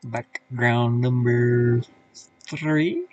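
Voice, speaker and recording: A man talking slowly and unhurriedly in a casual live stream, half to himself as he works. He mutters and thinks aloud, trailing off with fillers. His voice sits at an ordinary middle pitch. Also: fairly even intonation, a little mellow, highs cut off. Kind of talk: casual live-stream commentary while working. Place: his van.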